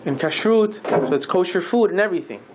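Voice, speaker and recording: A woman giving a religious lecture, telling a story in an animated, conversational way with many asides. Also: on the low side, fairly quick, noisy background.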